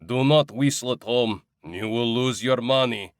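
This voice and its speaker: A man's voice: mid-range voice, unhurried, clean tone, no room sound, clean studio sound, lightly acted. A man voicing a burly, superstitious male ice cream vendor in his forties with a Russian accent and broken English, in an audiobook. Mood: earnest. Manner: broken English, earnest, fatalistic. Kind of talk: audiobook character voice.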